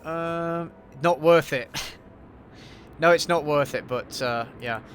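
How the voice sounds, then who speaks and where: A man's voice: a little high, slow, a bit bright, slight background noise. A man hosting a casual livestream Q&A while he plays a game, answering chat in an offhand, sweary way and muttering to himself mid-game. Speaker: YouTube host.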